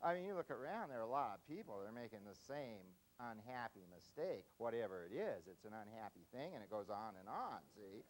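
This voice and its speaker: A man's voice: lowish voice, big pitch swings, brisk, few pauses, low-quality recording. Folksy older man telling a story. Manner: folksy, tags points with "see?". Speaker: parenting speaker. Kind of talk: humorous lecture storytelling.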